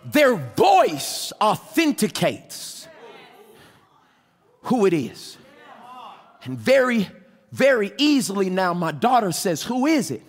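A pastor with children preaching a sermon fervently, swinging between shouting and hushed tones and calling on the congregation to respond. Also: male voice, high voice, very animated, takes it slowly, long pauses. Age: adult with children.

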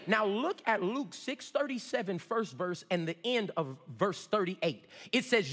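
A male pastor preaching a sermon, swinging between shouts and low asides. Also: animated, moderate pace, few pauses, in a large hall. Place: church sanctuary.

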